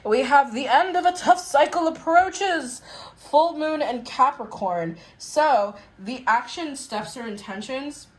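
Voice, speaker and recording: A woman's voice: high-pitched, slow, roomy sound, low-quality recording. Chatty, blunt woman doing a tarot reading. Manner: chatty, blunt, swears and laughs often; acts out exasperated quotes in a mocking voice. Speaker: tarot reader. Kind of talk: casual tarot reading to camera.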